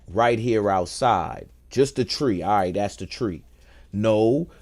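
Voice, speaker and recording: Man, host, slow unhurried pace, lively pitch, playful thinking aloud. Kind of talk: casual musing talk.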